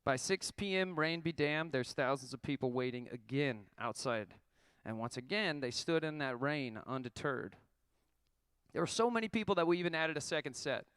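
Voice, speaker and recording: A man's voice: on the high side, animated, normal speed, fairly bright tone, clear, resonant tone, dry recording. A man in his thirties telling a wry, profane story about his band's tour, reading a prepared account to an audience. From Oklahoma.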